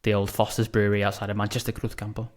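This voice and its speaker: A man's voice: fairly low pitch, monotone, rapid-fire. A man co-hosting a casual podcast, giving short, dry, laconic replies. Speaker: podcast co-host. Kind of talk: casual chat.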